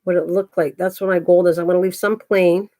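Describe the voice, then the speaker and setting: A woman's voice: on the low side, steady tone, fairly quick, mellow. An older woman hosting a craft livestream, chatting casually, thinking aloud and greeting viewers by name as she works. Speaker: craft channel host.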